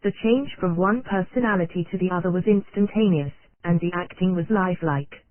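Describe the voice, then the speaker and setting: An audiobook narrator reading an old nonfiction text in a steady, unvaried way, spelling out abbreviations letter by letter. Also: mid-range voice, fairly quick, no echo. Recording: dry, tinny phone-like sound.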